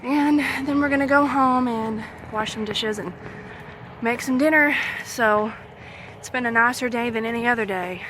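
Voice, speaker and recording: A woman's voice: fairly high pitch, normal speed. A young mother, talking casually in a rambling vlog with many fillers while out on a walk, a little out of breath. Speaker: vlogger, mother. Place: outdoors on a road, walking with a stroller. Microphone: handheld phone camera. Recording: loud outdoor noise, traffic.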